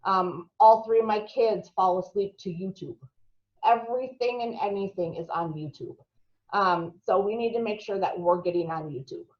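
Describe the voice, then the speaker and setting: A woman's voice: medium pitch, moderate pace, highs cut off. A woman giving a marketing training session to a live group, chatty and asking the room questions, sometimes stumbling over her words.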